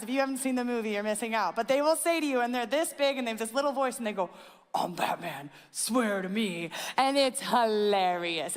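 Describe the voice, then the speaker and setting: A young woman pastor preaching a conversational sermon, telling animated stories with casual fillers. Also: on the high side. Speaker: student ministry and teaching pastor. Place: church auditorium. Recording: church hall with long reverb.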